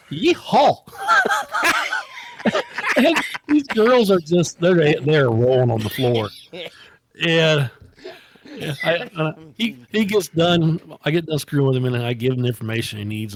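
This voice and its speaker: A man casually telling prank phone stories on a podcast, often jumping into a high voice for his quotes. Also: lively intonation, normal speed. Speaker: podcast co-host. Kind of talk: casual storytelling.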